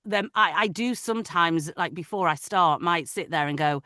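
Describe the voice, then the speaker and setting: A woman audiobook narrator talks shop in a lively, chatty way, often restarting her sentences. Her tone is bright and forceful. The sound is dry and close, with no room echo. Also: on the low side, moderate pace. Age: adult, parent of older children. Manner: animated, talkative, many restarts. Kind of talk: casual interview chat.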